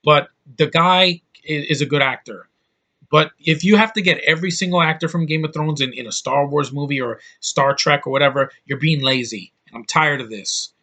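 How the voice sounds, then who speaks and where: Swearing frequently, this vlogger rants bluntly on YouTube, sounding exasperated and frustrated as he airs his angry opinions. He speaks at normal speed in a slightly high voice that is pushed and bright.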